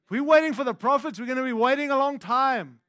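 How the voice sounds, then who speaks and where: A man preaching a sermon as pastor, swinging from hushed intimate lows to loud emphatic declarations, with conversational asides to the congregation. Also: fast, no echo.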